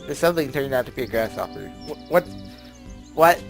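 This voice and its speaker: A man's voice: medium pitch, expressive, moderate pace, creaky, fairly bright tone, soft background music. A man at home in his bedroom, reading a visual novel's text aloud and chatting about it in a rambling, giggly way, often tripping over his words. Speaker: let's play gamer. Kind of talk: casual let's play commentary, reading game text aloud.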